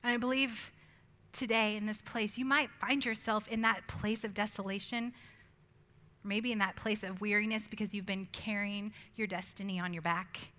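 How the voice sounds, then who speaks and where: Woman preacher with a bright, forceful voice. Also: mid-range voice, steady tone, moderate pace. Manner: earnest preaching that drops to soft whispered asides; storytelling with playful humor. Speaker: pastor. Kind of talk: sermon.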